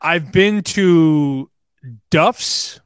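Man, radio guest, betting analyst, slightly high pitch, conversational, dry sound. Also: drawn-out words, smooth, dry recording. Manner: conversational, animated storytelling. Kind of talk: radio interview.

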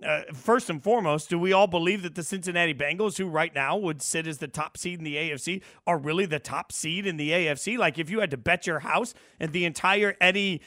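A man hosting sports talk radio, animated and opinionated, stirring up debate with his co-host. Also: on the high side, a little fast, few pauses, no echo, clean studio sound. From Las Vegas.

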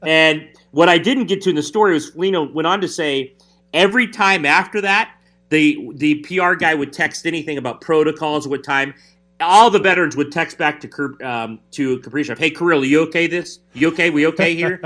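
A man, a hockey reporter, telling an animated story in casual chat. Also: on the high side, moderate pace.

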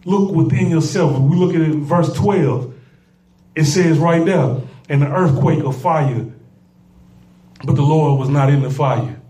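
A man preaches a sermon, repeating his lines and calling to the congregation, and at times he builds to a shout. His voice sits a little high but sounds mellow. He is recorded from some way off in a roomy, echoing church. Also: unhurried, pauses often, far from the mic. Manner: call-and-response preaching, repeats phrases, rises to shouts. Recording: echoey room, voice off-mic.

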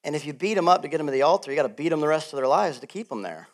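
Animated laughing preacher man. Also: a little high, racing. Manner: animated, laughing often, swings between loud and soft. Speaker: pastor. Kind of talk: sermon.

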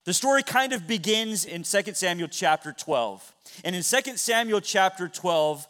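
Man pastor with a high voice, dramatic storyteller, sermon delivery. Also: expressive, moderate pace. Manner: dramatic storytelling with sudden loud and soft swings.

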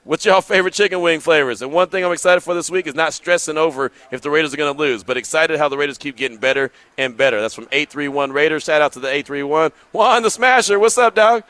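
A man hosting a sports radio show live from a sports bar, telling stories in animated casual slang. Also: on the high side, fast, few pauses, no echo. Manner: animated storytelling, drawling slang.

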